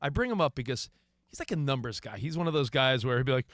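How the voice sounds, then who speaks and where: Lively, bright-voiced sports radio host. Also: male voice, medium pitch, fairly quick, no echo, clean studio sound. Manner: animated, storytelling with quoted asides. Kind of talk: sports talk radio banter. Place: radio studio. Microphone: studio microphone.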